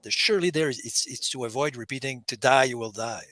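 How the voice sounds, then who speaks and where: A man in a casual discussion, explaining Hebrew scripture in an animated way with frequent restarts. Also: medium pitch, fast talker, no room sound.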